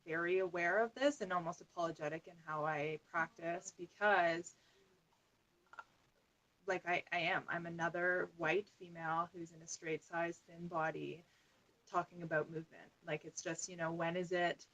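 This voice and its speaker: A woman wellness coach as a podcast guest, talking in an animated way with frequent "like". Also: lowish voice, moderate pace, muffled recording. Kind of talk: conversational podcast interview.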